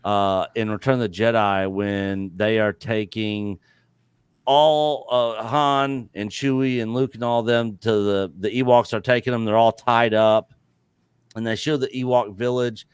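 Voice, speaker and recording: Smooth-voiced man rambling on a live show. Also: on the low side, fairly even intonation, unhurried, no echo. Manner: rambling, filler-heavy recollections. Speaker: co-host. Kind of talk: casual live-stream chat.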